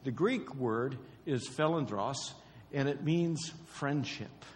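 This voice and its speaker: A pastor giving a conversational sermon, repeating key phrases and quizzing the congregation. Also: male voice, medium pitch, slow pace, big-room sound.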